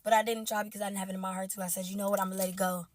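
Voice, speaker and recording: Animated slangy woman telling a storytime. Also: mid-range voice, racing. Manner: animated, slangy, laughing asides. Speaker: storytime creator. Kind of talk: casual storytime vlog.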